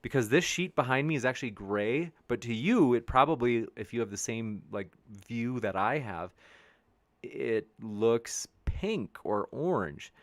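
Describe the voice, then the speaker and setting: Male host, rambling and upbeat, reads viewer comments, mid-pitched voice, dry sound. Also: animated, unhurried, dry recording. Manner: rambling and upbeat, with many restarts. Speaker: debate show host. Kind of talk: casual live-stream chat, reading viewer comments. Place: home studio with a backdrop sheet behind.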